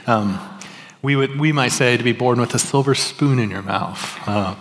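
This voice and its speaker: A man's voice: mid-range voice, normal speed. A man preaching a sermon as pastor, in a casual, self-deprecating way with many fillers and restarts. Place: church sanctuary. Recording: reverberant hall.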